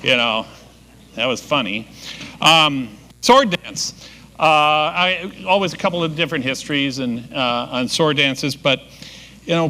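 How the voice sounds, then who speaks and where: A man's voice: on the high side, bright, forceful tone, a little hiss or hum. A man emceeing a live event, telling jokes and introducing dancers in a loose, rambling way on a stage microphone. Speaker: master of ceremonies. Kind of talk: joke-telling emcee patter.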